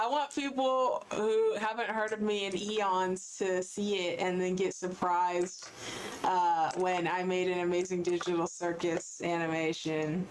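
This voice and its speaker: A woman streamer in casual, rambling chat who interrupts herself, jokes and swears. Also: on the low side. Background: loud music.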